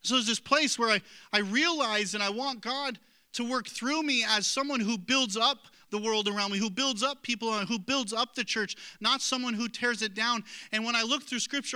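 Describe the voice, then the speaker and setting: Bright, high-voiced male pastor preaching. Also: moderate pace, smooth. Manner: earnest, conversational, self-deprecating. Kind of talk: sermon.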